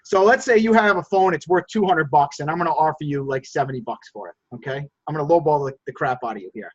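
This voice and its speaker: A man coaching a group call on lowballing, energetic and coaxing, often repeating words. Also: quick pace. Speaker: sales coach and host. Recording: dull lo-fi call audio.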